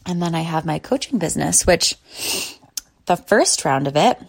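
A woman in her thirties hosting her own podcast, talking slowly and softly while lying in bed, with pauses and sighs. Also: fairly low pitch, vocal fry, husky. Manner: slow, relaxed and soft-spoken, with frequent pauses and sighs. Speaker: podcast host. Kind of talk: solo podcast chat.

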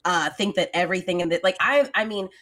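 A woman's voice: fairly low pitch, fast talker, a bit bright. A woman, a comedian hosting a podcast, chatting casually with frequent filler words. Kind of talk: casual chat.

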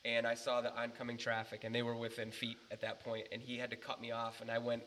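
A man telling a story in casual chat, animated and swearing freely, rambling with restarts. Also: mid-range voice, fast, a little hiss or hum.

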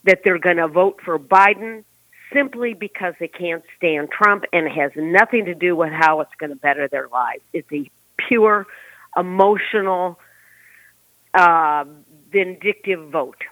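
A man's voice: high voice, unhurried, sharp tone, no echo. A man co-hosting a talk show, giving emphatic opinions in casual chat over a phone line.

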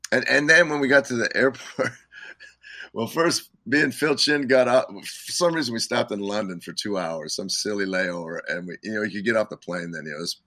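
A man's voice: on the low side, sharp tone, no echo. A man being interviewed as a guest musician, telling stories in a rambling way with frequent chuckles and restarts. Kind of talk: casual interview storytelling.

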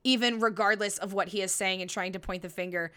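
A woman's voice: mid-range voice, fairly even intonation, fast, pushed and bright. A young woman hosting a casual solo podcast, talking bluntly and animatedly, swearing freely and acting out quotes. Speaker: podcast host.

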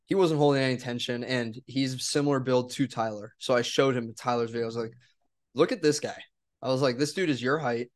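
A man's voice: mid-range voice, steady tone, a little fast. Laid-back young man, casual baseball talk. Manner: laid-back, says "dude" a lot. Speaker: baseball pitcher and coach. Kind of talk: casual chat.

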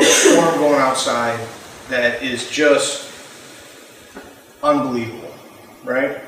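A man's voice: mid-range voice, fairly bright tone, slight background noise. Man preaching casually in a very echoey room. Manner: conversational, often checks in with the audience. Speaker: youth pastor. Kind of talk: casual youth sermon with scripture reading. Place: church youth room. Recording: very echoey room, mic far off.

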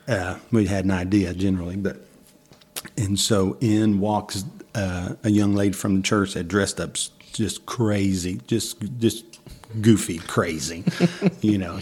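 A husky man telling folksy church stories, laughing often. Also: deep voice, darkish tone. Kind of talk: casual storytelling.

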